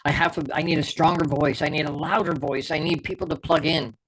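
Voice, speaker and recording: A man's voice: fairly high pitch, steady tone, a little fast, noisy background. A middle-aged man hosting a podcast, giving a fervent motivational talk as a performance coach and repeating key words for emphasis.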